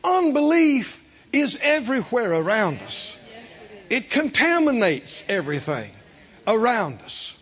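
An older male preacher drawls his sermon slowly, chuckling often, his voice high and swooping widely. The recording is dull and lo-fi with a faint hiss. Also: very animated, a bit bright, husky.

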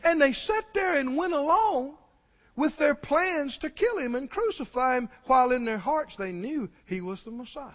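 A man's voice: very high voice, lively intonation, normal speed. A man preaching a sermon, urgently pressing his congregation with questions. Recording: dull recording, long hall reverb.

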